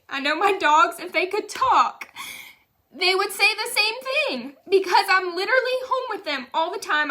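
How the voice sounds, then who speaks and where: A young woman who leads in direct sales gives a candid, emotional motivational testimonial. Her voice sits high, bright and forceful, and she's chatty, saying "y'all".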